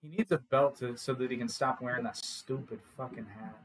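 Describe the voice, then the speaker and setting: A man's voice: medium pitch, a little fast, background noise. A man co-hosting a podcast in casual chat, blunt and grumbling, swearing casually. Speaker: podcast co-host.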